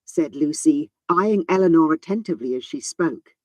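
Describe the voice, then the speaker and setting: A woman audiobook narrator giving a measured, unhurried reading of a classic novel, phrasing long sentences precisely. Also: low-pitched, expressive, warm tone, no echo.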